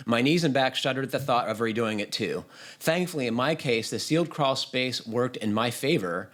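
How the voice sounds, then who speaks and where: A man's voice: mid-range voice, fairly bright tone. A man hosting a home-building podcast, chatting easily, laughing often and reading a listener's email aloud. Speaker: podcast host.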